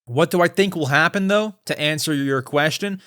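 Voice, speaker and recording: A young man hosting a casual solo podcast, excitable and quick to break into exasperated rants. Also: on the high side, clear, resonant tone. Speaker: podcast host.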